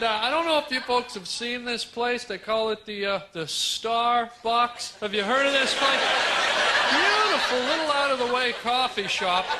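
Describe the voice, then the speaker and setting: A man's voice: very high-pitched, bright, forceful tone. Male stand-up comic, rambling nonsense riffs, live club recording with audible background noise. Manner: rambling, absurd nonsense wordplay. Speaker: stand-up comedian. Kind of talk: stand-up comedy set. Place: comedy club stage.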